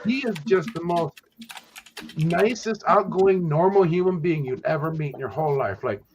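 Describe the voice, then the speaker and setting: A man chatting loosely about fan signings, rambling and laughing often. His voice sits a bit high, and the recording is slightly dull with faint hiss. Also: expressive, normal speed. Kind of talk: casual chat.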